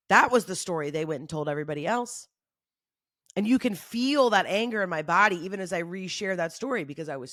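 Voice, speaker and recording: A woman's voice: mid-range voice, a bit bright, no echo, studio quality. A woman hosting her own podcast, giving off-the-cuff motivational talk in an emphatic, fired-up way, swearing freely and repeating phrases for emphasis. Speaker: podcast host.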